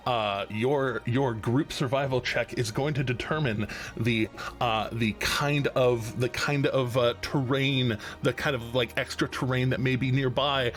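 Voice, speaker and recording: A man acts as game master for an online tabletop session, his speech slow and unhurried. He rambles loosely, full of fillers and restarts. Faint music plays under the call. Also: mid-range voice.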